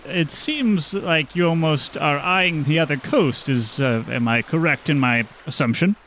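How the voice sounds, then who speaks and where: A man's voice: fairly high pitch, a little slow, fairly bright tone, slight background noise. Man playing a tall half-elf smuggler, imperious, formal, wheedling. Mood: smooth.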